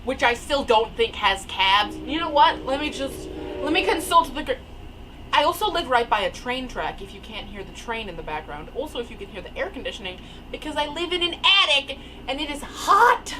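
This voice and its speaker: A young woman telling a rambling, animated story in casual storytime style from her attic room. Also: sits high, moderate pace, background noise. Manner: rambling, animated, filler-heavy. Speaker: storyteller vlogger. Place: attic bedroom. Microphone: camera mic.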